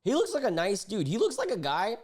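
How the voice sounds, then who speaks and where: Young male streamer, lively pitch, casual indignant reaction commentary. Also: a little fast, slightly rough. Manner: animated, indignant, slangy.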